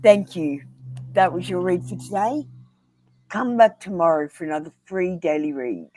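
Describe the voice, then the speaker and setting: A woman with an Australian accent giving blunt, earnest tarot readings on a live stream, pausing often with ums. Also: on the low side, expressive, a little mellow, slight background noise. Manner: blunt and earnest, addressing viewers by name; frequent ums and pauses. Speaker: tarot reader.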